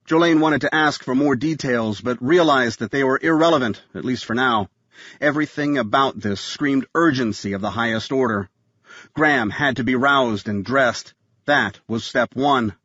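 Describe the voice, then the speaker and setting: A man's voice: mid-range voice, normal speed, fairly bright tone, slightly rough, dry recording, highs cut off. Man narrating a tense thriller audiobook. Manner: tense thriller reading, voices characters.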